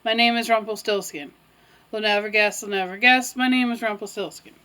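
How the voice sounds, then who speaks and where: A woman's voice: mid-range voice, steady tone, brisk, bright, forceful tone, clean tone, natural voice, rough recording. A woman voicing a sly, greedy little magic man in a fairy tale she is retelling.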